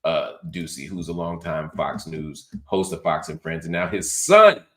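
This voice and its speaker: A middle-aged man with a deep, low voice hosts a political commentary show. He talks in a lively, sarcastic way and drops mocking asides as he goes. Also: normal speed, few pauses. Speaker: host.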